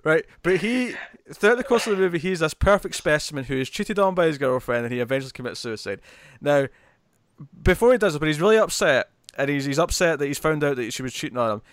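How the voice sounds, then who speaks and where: A man's voice: on the high side, quick pace, dry recording, clean studio sound. Chatty laughing man hosting. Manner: laughs often, rambling and animated. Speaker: podcast host. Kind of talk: casual chat about comics and movies.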